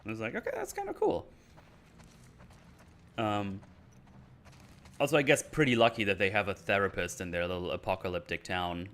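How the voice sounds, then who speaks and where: A man's voice: sits low, a little fast. A man giving a casual, rambling rant reviewing a TV episode, hesitant and full of restarts. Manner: rambling, hesitant, animated quoting of scenes. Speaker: YouTube show reviewer.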